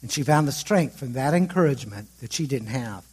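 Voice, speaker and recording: Husky-voiced man telling a sermon story. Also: medium pitch, lively intonation, brisk, a little mellow.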